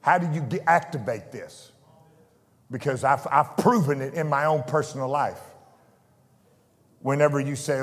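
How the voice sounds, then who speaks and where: A man preaching a fervent sermon, swinging from soft asides to shouted declarations. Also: medium pitch, moderate pace, pauses often, long reverb tail. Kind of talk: pentecostal sermon. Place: church sanctuary.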